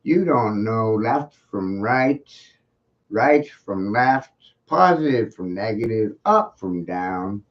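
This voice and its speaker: A man's voice: on the low side, expressive, takes it slowly. A man hosting a livestream, delivering a taunting monologue full of repetition and rhetorical questions. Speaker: livestream host. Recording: muffled lo-fi stream audio.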